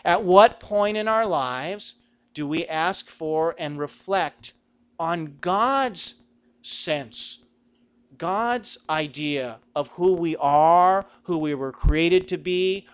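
A middle-aged Catholic speaker gives a conversational talk on Christian vocation, asking rhetorical questions and acting out quoted lines in a raised voice. His voice is on the high side and clean in tone, and he speaks slowly.

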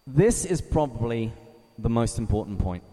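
A man from England, giving a measured teaching talk to a live group, reading scripture slowly and asking his listeners questions. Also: mid-range voice, sing-song, warm tone, a little hiss or hum. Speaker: Bible study speaker. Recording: reverberant hall.

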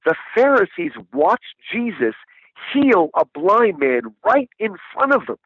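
A man's voice: sits high, big pitch swings, a little slow, breathy edge, no echo. An enthusiastic man, a guest discussing a book, talking animatedly and asking rhetorical questions, over a dull, dry lo-fi recording. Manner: enthusiastic, rhetorical, repeats "right?".

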